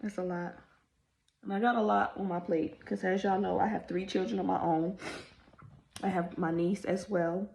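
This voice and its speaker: A woman's voice: medium pitch, fairly even intonation, moderate pace, gravelly, a little mellow. A woman in her thirties telling a family story on her vlog, emotional and rambling, fighting back tears and apologizing as she goes. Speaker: vlogger. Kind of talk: casual storytime.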